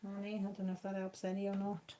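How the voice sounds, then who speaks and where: A chatty woman talks casually through a crafting live stream at home. Her voice sits at an ordinary middle pitch as she rambles from one thing to the next and calls out to viewers by name. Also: monotone, fast, very noisy.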